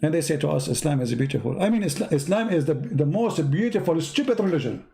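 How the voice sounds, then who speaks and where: Warm in tone and on the high side, this man's voice is animated and quick. He hosts sarcastic religious commentary in broken English, speaking as a native Arabic speaker with an Arabic accent, using broken grammar and counting repetitively.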